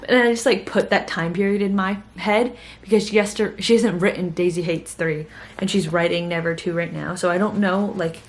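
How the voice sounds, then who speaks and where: A woman's voice: on the low side, fairly even intonation, normal speed. A young woman in her twenties, a college student, chatting casually about books in a vlog, gushing and full of fillers. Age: young adult. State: tired. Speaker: book vlogger. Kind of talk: casual reading vlog chat.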